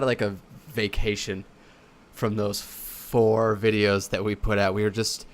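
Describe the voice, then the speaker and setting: A man's voice: fairly low pitch, flat delivery, unhurried. A man co-hosting a podcast in easygoing casual chat, often restarting his sentences and laughing along. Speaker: podcast co-host.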